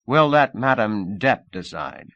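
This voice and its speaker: A man voicing a confident middle-aged male agent who talks in a brisk, coaxing way. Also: mid-range voice, a bit bright, no room sound, highs cut off, pitched above the performer's own voice.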